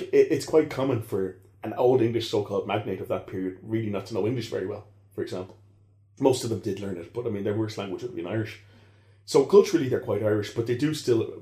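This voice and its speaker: The speaker, a man on as a historian guest, digresses and rambles while explaining history, often correcting himself. His voice is on the low side and dark, and the room reverberates.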